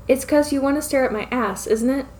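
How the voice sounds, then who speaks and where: A woman's voice: high-pitched, fairly quick, a little mellow, a little hiss or hum, lightly acted. A woman reading a fan fiction story aloud, voicing a goofy, playful young male archer who huffs and chatters. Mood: teasing.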